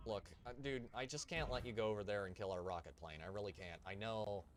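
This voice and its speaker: A man's voice: fairly low pitch, quick pace. A man streaming a tank game, chatting and joking with his viewers while he plays. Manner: chatty, jokey asides to chat. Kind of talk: live gameplay commentary.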